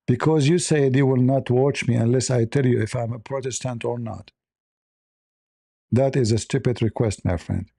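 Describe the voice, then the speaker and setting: A blunt, sarcastic man answers his chat on a livestream. His voice is gravelly and dark, and it sounds close and dry with no room around it. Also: medium pitch, moderate pace, dry recording.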